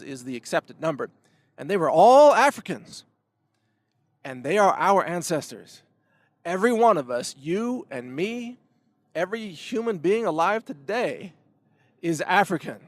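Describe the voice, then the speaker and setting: A man ranting through a commentary monologue, his voice sitting a bit high. He swings hard between loud punches and low asides, stumbling and repeating words as he pushes on. The sound is dry and close. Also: dry recording. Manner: impassioned, ranting, with sharp emphatic swings. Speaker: commentary show host.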